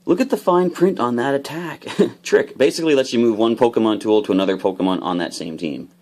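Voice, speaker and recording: A man casually opening trading card packs, explaining each card's rules with bursts of excitement. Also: mid-range voice, fairly quick. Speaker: card unboxing host. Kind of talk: casual unboxing commentary.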